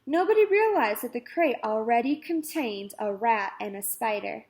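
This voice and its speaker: A woman's voice: on the high side, animated, normal speed. Woman reading a children's book aloud. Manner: gentle reading with asides. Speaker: storyteller.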